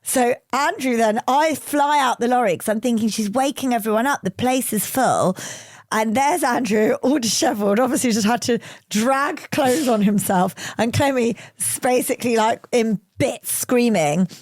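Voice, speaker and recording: Animated woman telling a story. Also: a little high, normal speed, no echo, studio quality. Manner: animated, laughing, acts out quoted voices. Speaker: podcast co-host. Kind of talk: casual storytelling chat.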